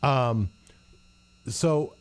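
A man, a pastor, discussing scripture in a measured, thoughtful way with frequent restarts. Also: medium pitch, smooth. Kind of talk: Bible discussion.

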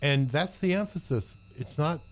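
A man, a pastor, discussing scripture in a measured, thoughtful way with frequent restarts. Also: fairly high pitch, lively intonation. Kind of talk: Bible discussion.

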